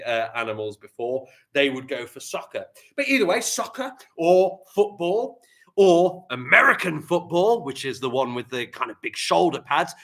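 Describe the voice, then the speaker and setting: A man with a fairly high voice leads a live online writing lesson for kids. He sounds animated and encouraging, and his volume rises and falls dramatically.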